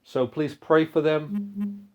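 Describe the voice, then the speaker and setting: A man's voice: fairly high pitch, slow pace, lo-fi sound. A man hosting a Christian missions podcast, talking earnestly and exhorting listeners, with frequent restarts. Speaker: podcast host.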